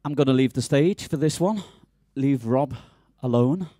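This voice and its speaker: A man's voice: mid-range voice, a little slow, mellow, no room sound. A man with a Liverpool accent joking with the crowd and his bandmate between songs at a live venue, on a stage mic. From England. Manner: jokey, teasing. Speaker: band member. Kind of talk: onstage banter between songs. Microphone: stage vocal mic.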